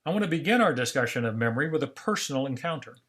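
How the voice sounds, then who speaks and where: Older guy lecturing, calm storyteller, mid pitch, acts out bits of dialogue. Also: rapid-fire. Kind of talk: scripted seminar narration.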